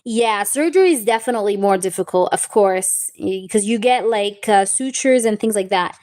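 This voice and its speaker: A young woman reading tarot live, chatting warmly with viewers and calling them babe and baby girl. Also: mid-range voice, normal speed. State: recovering from a wisdom tooth removal. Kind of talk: live-stream chat with viewers.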